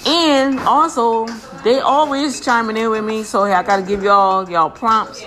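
A woman hosting her own station, giving casual motivational talk and shout-outs, lively and slangy, speaking blessings over listeners. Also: fairly high pitch, a little slow. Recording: music playing behind.

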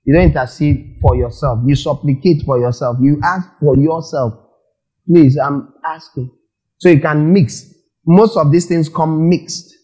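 A man's voice: fairly high pitch, dark tone, lo-fi sound. A man preaching a sermon as a pastor, asking the congregation questions and acting out quotes.

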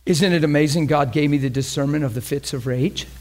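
Brief: male preacher, slightly raised pitch, emphatic, conversational teaching. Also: a little fast, darkish tone. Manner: emphatic, conversational, repeats phrases. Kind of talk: sermon teaching.

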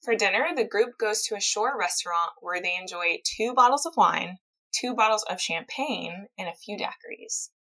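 Bright-voiced woman telling a true-crime story. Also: medium pitch, normal speed, poor audio. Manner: chatty, reads quotes aloud, laughs easily. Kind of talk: casual storytelling chat.

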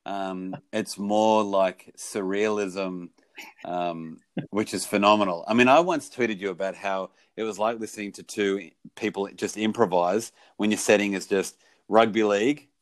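A man's voice: lowish voice, fairly even intonation, measured pace, no echo. A man hosting a casual podcast chat, wry and joking. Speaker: podcast host.

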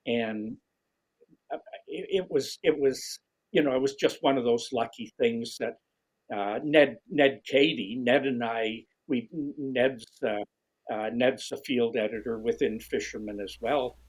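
A middle-aged man with a husky voice, telling a lively story as an interview guest, often restarting his sentences. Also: unhurried, low-quality recording. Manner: animated storyteller, restarts often, jumps high when quoting others. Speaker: guest, fishing writer. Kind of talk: storytelling conversation.

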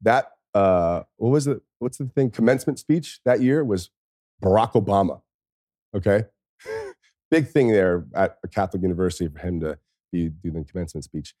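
A man's voice: deep voice, animated, moderate pace, dark tone, no echo, studio quality. A man in his thirties, a former football player, telling casual stories as a podcast guest, laughing often and swearing freely. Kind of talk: casual storytelling.

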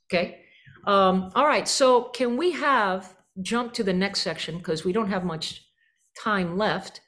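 A woman coaching a school band through a rehearsal, energetic and singing out rhythms to demonstrate. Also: medium pitch, takes it slowly. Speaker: band clinician. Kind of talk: rehearsal coaching with sung examples.

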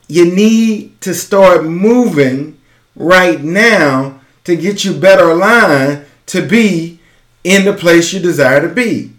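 A man's voice: sits high, echoey room. A man hosting a podcast, giving an urgent, emphatic motivational talk and repeating his key phrases. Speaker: podcast host and business coach.

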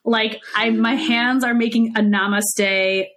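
A woman guest on an academic podcast, enthusiastically reading passages aloud and adding quick asides. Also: a little high, fairly even intonation, a bit bright. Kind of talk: casual academic discussion.

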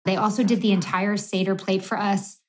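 A woman's voice: flat delivery, brisk. Giggly woman co-hosting a chat show. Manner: giggly, reads recipe in a put-on low sultry voice. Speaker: podcast co-host. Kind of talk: casual chat.

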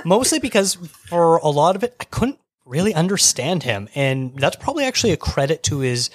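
A man's voice: on the high side, very animated, moderate pace, husky, no room sound. Man host musing aloud, dry close sound. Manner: thinks aloud with restarts, laughs often. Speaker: podcast host. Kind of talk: casual podcast discussion.

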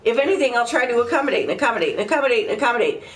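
A woman in casual chat, expressive and quick with her questions. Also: a little high, roomy sound, distant mic.

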